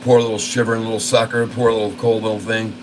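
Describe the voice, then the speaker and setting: A man hosting a trading channel, commentating live on his trades in a folksy, excitable way and constantly talking to his viewers. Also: lowish voice, fast, background noise. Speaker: stock trading channel host.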